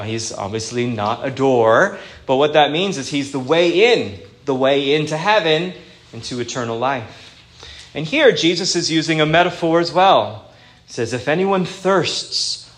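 A man preaching a sermon in an earnest, plain-spoken way, slowing down to quote scripture. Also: fairly high pitch, fairly bright tone.

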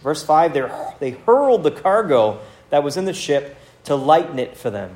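A man delivers a sermon in a somewhat high voice, earnest and direct. He puts pointed questions to his listeners. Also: sing-song, normal speed, darkish tone. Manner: earnest preaching with rhetorical questions and acted quotes. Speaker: pastor.

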